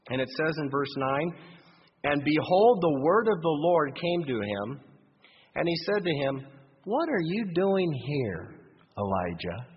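Husky animated preacher in a reverberant hall. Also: male voice, a little high. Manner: animated preaching, drops to quiet asides. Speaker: pastor. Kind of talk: sermon. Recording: dull lo-fi recording in long-reverb hall.

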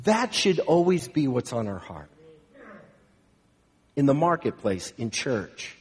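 Male pastor, emphatic sermon delivery, mid-pitched voice, church hall with long reverb. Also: very animated, slow. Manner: emphatic preaching, swelling to loud proclamations.

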